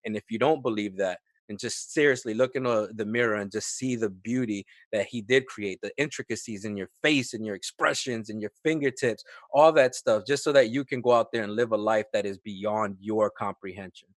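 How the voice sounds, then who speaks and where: A man guesting on a podcast, a youth minister preaching fervently off the cuff and building to loud emphatic peaks. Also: lowish voice, brisk, hardly any pauses, no echo. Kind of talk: impromptu preaching, casual chat.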